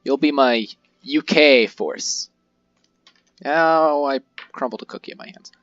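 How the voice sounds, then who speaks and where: In a muffled recording, a man's fairly bright, mid-range voice comes through at a slightly slow pace. He's a let's-play host casually narrating his strategy game playthrough, joking with viewers and reacting aloud as he goes.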